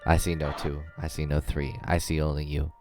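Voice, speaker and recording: A man doing a low, grumpy NPC who hates everyone. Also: monotone, brisk, music in the background. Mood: grumpy, sulking. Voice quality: low, sulky and complaining.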